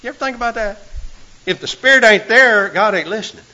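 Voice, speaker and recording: A man preaching a sermon, folksy and full of rhetorical questions, swinging from loud to hushed. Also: high voice, fast talker, poor audio.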